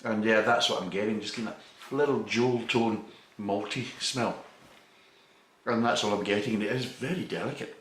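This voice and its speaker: A man's voice: fairly low pitch, normal speed, fairly bright tone, slight background noise. A man chatting through a casual beer tasting review, rambling and swearing freely. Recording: echoey room.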